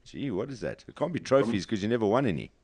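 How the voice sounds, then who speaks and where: A man's voice: lowish voice, very animated, fast talker, heavy background noise. A man hosting a radio show, joking and teasing his guest over a video call. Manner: joking, teasing, laughs often.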